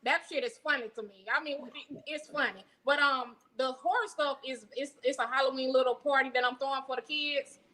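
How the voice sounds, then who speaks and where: Brash, bright-voiced Southern woman. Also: high voice, fairly even intonation, brisk, few pauses, a little hiss or hum, low-quality recording. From Atlanta, USA. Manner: brash, profane storytelling. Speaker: comedian. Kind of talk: casual interview chat.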